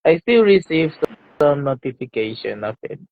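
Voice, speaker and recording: A tired viewer joining a livestream call, talking slowly and sleepily before heading to bed. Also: medium pitch, sing-song, no room sound. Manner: slow, sleepy and unhurried. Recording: thin phone-like call line.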